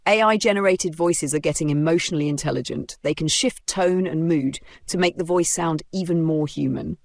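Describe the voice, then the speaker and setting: A woman's voice: deep voice, moderate pace, dry recording, clean studio sound. A woman hosting a podcast, delivering a scripted monologue with punchy emphasis and rhetorical questions. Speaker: podcast host.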